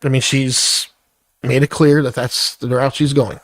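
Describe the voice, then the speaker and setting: A man's voice: medium pitch, level tone, a little slow, fairly bright tone, no echo, studio quality. A middle-aged man ranting angrily to camera, heated and profane as he vents about family conflict. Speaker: vlogger. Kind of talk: angry personal rant to camera.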